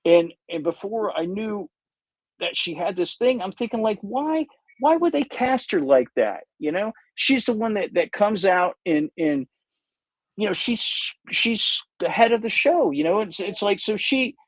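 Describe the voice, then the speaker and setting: A man's voice: high voice, unhurried, a bit bright, dry recording, low-quality recording. Rambling man chatting while he paints. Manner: rambling, self-interrupting, jokey. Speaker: livestream host painting models. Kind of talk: casual rambling chat.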